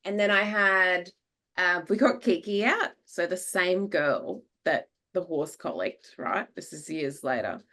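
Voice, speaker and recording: An Australian woman hosts a podcast in a relaxed, chatty way, her voice sitting a little low. She tells stories with energy, acts out other people's words and laughs easily. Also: unhurried. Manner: lively anecdotes, acts out what people said, laughs often. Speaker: podcast host. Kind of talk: casual chat, animated storytelling.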